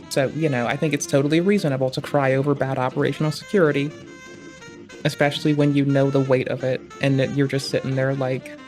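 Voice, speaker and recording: A man's voice: mid-range voice, a little mellow. A man streaming casual commentary, rambling and digressive with heavy slang and swearing. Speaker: streamer reacting to a debate.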